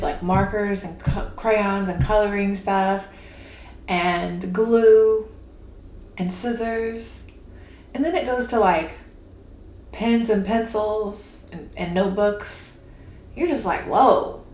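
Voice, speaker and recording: A woman giving a casual, rambling tarot reading, animated and laughing often. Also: mid-range voice. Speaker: tarot reader. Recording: echoey room with faint hiss.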